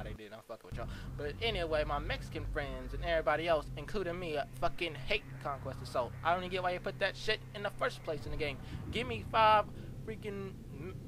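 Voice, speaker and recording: A man's voice: a little high, natural voice. A man playing a brash, profane, street-talking young gamer who rambles and stammers through a comedic rant review. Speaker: game reviewer. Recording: noisy home recording.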